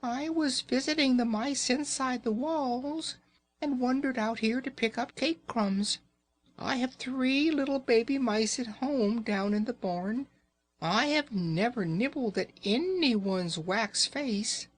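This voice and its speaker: A man putting on a tiny squeaky mamma mouse. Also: slow pace, exaggerated voice. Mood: pleading. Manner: high squeaky pleading.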